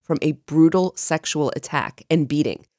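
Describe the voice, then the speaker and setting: A woman co-hosting a true crime podcast, chatting and narrating a case with lively jumps in pitch when excited. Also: moderate pace, no echo, studio quality. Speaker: podcast co-host.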